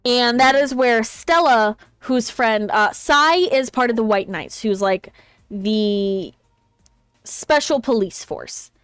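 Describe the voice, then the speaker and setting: A woman's voice: fairly high pitch, slow, fairly bright tone, clear, resonant tone, no room sound, faint music behind. A woman streaming a game, chatting casually and explaining the story with many fillers. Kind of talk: casual gameplay chat.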